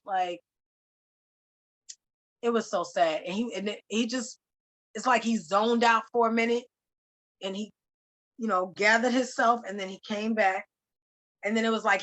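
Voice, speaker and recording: A woman hosting a podcast, telling a story in animated, slangy casual chat with some swearing. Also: on the high side, unhurried, long pauses. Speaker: podcast host.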